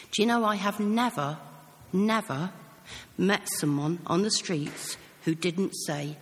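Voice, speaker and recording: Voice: mid-range voice, a little slow. A preacher with a British accent giving an earnest sermon, telling stories in a conversational way. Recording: long hall reverb.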